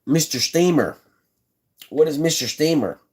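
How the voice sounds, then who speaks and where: A fairly high, animated voice, darkish and slightly rough, comes from a man speaking at a measured pace. He casually shows how he builds fishing rods on a live stream, chatting in folksy, laid-back terms, repeating himself and taking viewers' questions from the chat.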